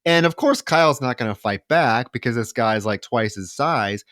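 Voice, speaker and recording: A man's voice: mid-range voice, expressive, normal speed, fairly bright tone, no room sound, clean studio sound. A man co-hosting a podcast, griping about a film in casual, profane chat and mocking its scenes. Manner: exasperated, profane, mocking retellings. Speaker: podcast co-host. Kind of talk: casual movie-review chat.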